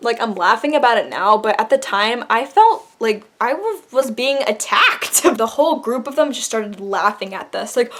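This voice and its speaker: A woman's voice: fairly high pitch, animated, normal speed, hardly any pauses, a bit bright, slight background noise. Chatty young woman telling a story. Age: young adult. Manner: chatty, laughs while telling, many fillers. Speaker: vlogger. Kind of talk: casual story time.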